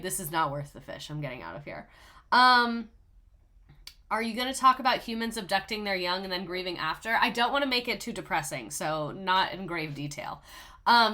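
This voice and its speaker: A woman's voice: fairly high pitch, bright, forceful tone. A young woman hosting a casual video, reacting to clips with sarcastic, emotional commentary and casual swearing. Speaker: video host.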